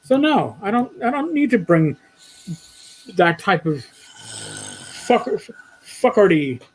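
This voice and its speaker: High-voiced New York man chatting. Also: sing-song, takes it slowly, low-quality recording. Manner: chatty, trailing off and restarting, reading out comments. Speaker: co-host. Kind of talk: casual live-stream chat.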